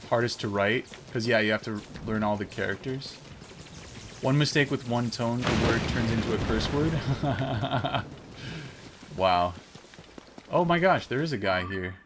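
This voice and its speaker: A man with a fairly low voice chats through a game stream, rambling and musing aloud with plenty of fillers and restarts. The recording carries clear background noise behind his voice. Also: a little slow, pauses often. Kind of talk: casual live-stream chat while gaming.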